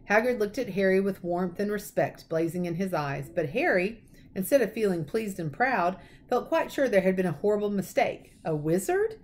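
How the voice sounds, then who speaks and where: A woman teacher reading a children's novel aloud, expressive and lively. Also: medium pitch, normal speed.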